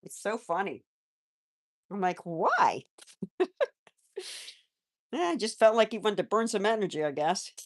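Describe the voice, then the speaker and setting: A woman's voice: medium pitch, sing-song, a little slow, long pauses. Chatty woman hosting a pet live stream. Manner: chatty, rambling, with restarts; soft baby-talk to pets, often away from the mic. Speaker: pet channel host. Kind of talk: casual live-stream chat.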